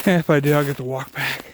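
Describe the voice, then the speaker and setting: A man telling rambling, casual stories outdoors in the woods. His voice sits fairly high, and he swears freely as he wanders from one memory to the next. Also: slight background noise. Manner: profane, rambling, laughs at his own stories. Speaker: vlogger.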